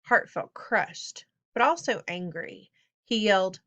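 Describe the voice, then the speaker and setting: Woman, audiobook narrator, expressive, storytelling, mid pitch. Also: takes it slowly, highs cut off. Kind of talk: scripted narration.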